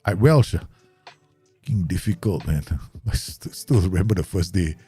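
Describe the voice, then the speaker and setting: Male streamer, low and a bit raspy, chatty live commentary, swears, laughs a lot. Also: unhurried, warm tone, soft background music. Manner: rambling, swears, laughs often. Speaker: game streamer. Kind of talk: casual live gameplay commentary.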